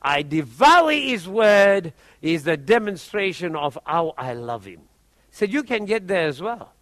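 A man preaching, telling a testimony story in an animated way and often repeating his words. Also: high voice, measured pace, no echo.

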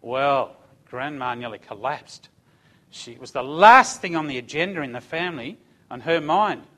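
A man's voice: medium pitch, animated, normal speed, a bit bright. An older man giving a religious testimony, telling his story in an earnest, conversational way.

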